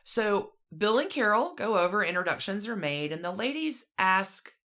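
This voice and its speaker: A woman's voice: mid-range voice, very animated, moderate pace, pushed and bright. A woman co-hosting a podcast, casually telling a story with conversational, dry asides. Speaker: podcast co-host.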